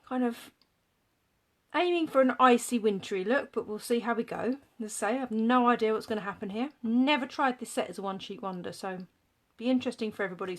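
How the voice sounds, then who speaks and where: A woman demonstrating papercraft in a live-streamed tutorial, chatting and thinking aloud as she works and greeting viewers by name. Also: on the high side.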